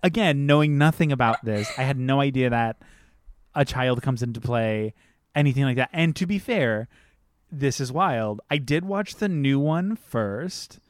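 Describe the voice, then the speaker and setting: An excitable man chatting about films, swearing casually and acting out scenes. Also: mid-range voice, unhurried, no room sound, studio quality.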